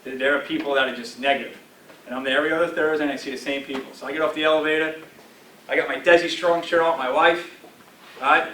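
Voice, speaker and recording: A man's voice: on the high side, fairly even intonation, fast, sharp tone, far from the mic, slight background noise. A man in his forties giving a motivational talk to a football team in a coaching tone, checking in often with "all right?". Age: 40s. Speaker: guest speaker addressing a football team. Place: team meeting room. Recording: roomy echo from afar with faint ambience.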